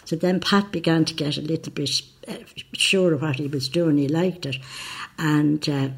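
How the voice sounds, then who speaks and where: An older Irish woman talks in a husky, breathy voice. She wanders through her family stories, hesitating often and filling the pauses with small words. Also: sits low, steady tone. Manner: rambling anecdotal, hesitant fillers. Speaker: interviewee. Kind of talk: casual reminiscing.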